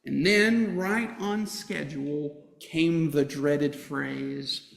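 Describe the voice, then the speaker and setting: Slow, high-voiced preacher man in a reverberant church. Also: gravelly. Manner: storytelling with humor, lively emphasis. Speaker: pastor. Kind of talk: sermon. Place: church sanctuary. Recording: roomy church hall reverb.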